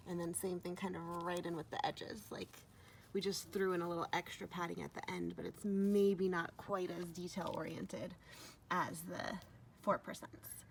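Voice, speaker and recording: A woman's voice: lowish voice, slight background noise. A young woman giving a chatty, upbeat vlog review of running shoes, full of fillers.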